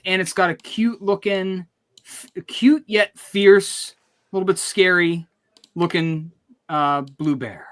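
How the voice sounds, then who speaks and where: A man's voice: medium pitch, pushed and bright. A man hosting a casual livestream, upbeat and hyping things up, often restarting his sentences. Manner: upbeat hype, rambling restarts. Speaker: livestream host.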